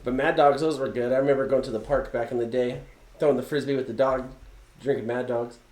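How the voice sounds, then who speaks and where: A man's voice: mid-range voice, steady tone, fast talker, darkish tone. A man on a casual podcast, telling rambling anecdotes and giggling often at his own jokes. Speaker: podcast co-host. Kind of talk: casual storytelling chat. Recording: echoey room.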